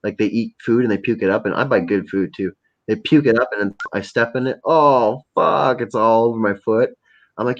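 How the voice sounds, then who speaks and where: A young Canadian man hosts a livestream, his fairly low voice moving briskly through rambling, profane, jokey stories in casual chat. The stream audio is dull and lo-fi.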